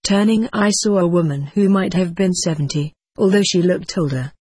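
A woman narrating a first-person story in a measured, even way. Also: fairly low pitch, husky, no room sound. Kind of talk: audiobook narration.

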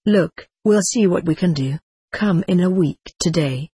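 A woman's voice: on the low side, measured pace, dark tone, breathy edge, no echo. A woman voicing a coarse, blunt male employment agent, in a storybook reading. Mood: gruff. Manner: blunt, mocking, dropped aitches. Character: coarse London male employment agent, cigar-chewing, gruff.

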